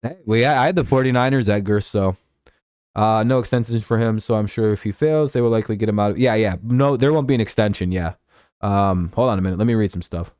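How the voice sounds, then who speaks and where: A man's voice: on the low side, fast talker, a little mellow, smooth, dry recording, studio quality. A young man hosting a live stream, chatting casually about football in a rambling, profane way and reading out chat messages.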